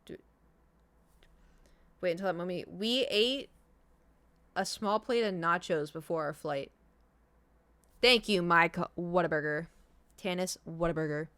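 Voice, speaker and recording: A young woman streamer telling a travel story in a chatty, animated way, full of likes and laughs. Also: fairly low pitch, a little slow, long pauses, clear, resonant tone, no echo. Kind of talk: casual storytelling.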